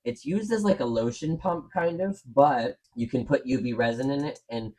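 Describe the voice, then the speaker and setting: A man's voice: medium pitch, expressive, moderate pace, darkish tone. A man hosting a crafting video, talking viewers through each step in a chatty, frank way. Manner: chatty, frank, talks to viewers while working. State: out of breath. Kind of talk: casual step-by-step craft demo.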